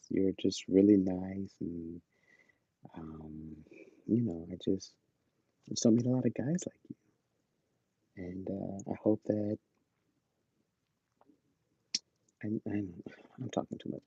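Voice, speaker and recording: A man putting on a high, breathy young woman who can't stop stammering through an awkward first-date goodbye. She apologizes constantly and trails off mid-thought. The audio is dull and lo-fi. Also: normal speed, warm tone, no room sound. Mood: flustered. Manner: rambling, stammering, apologetic, then tearful.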